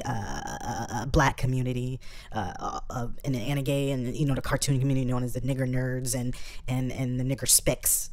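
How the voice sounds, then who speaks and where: A woman with a notably deep, low-pitched voice rants to camera. Her delivery rambles and provokes, crude and loose in a comedic vlog style. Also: brisk, darkish tone. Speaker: vlogger.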